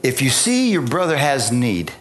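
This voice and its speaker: A man voicing the Holy Spirit, earnestly and deliberately rebuking a believer. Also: mid-range voice, big pitch swings, music in the background, lightly acted. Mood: admonishing.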